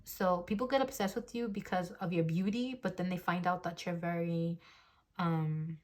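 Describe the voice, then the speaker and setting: A young woman in her early twenties, giving a relaxed tarot reading into her phone at a desk. Her voice sits a little low for a woman, and she talks in a meandering, chatty way, thinking aloud between cards. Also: moderate pace. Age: early 20s. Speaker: tarot reader. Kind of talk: casual tarot reading to camera. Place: home desk. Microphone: phone mic.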